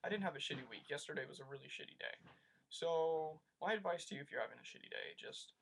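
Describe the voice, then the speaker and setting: A young man telling a rambling story to his webcam, animated and full of "like", in a casual vlog. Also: fairly high pitch, fast, creaky, noisy background. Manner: rambling, animated rants with lots of "like". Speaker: vlogger.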